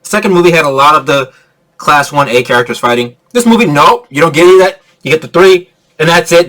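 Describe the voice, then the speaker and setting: A man giving a casual, excitable movie review rant, laughing often and swearing freely. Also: a little high, moderate pace.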